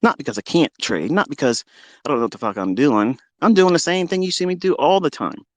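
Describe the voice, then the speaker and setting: A man hosting a live audio stream, delivering a heated, profane and boastful rant that swings between loud outbursts and low muttering. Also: animated, a little fast, no echo. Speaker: trading educator and Twitter Space host.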